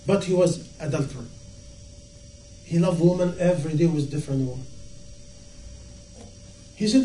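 Impassioned high-voiced preacher in echoey room. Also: male voice, normal speed, pauses often, dark tone. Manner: impassioned, rhetorical questions, acts out dialogue. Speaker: Islamic preacher. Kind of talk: sermon. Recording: echoey room, from far off, faint noise.

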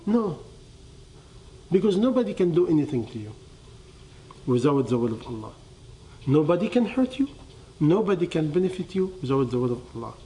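A man giving a sermon to listeners, quizzing them with rhetorical questions and dropping to a hush on key phrases. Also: high voice. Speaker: religious teacher. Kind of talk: sermon to a live audience.

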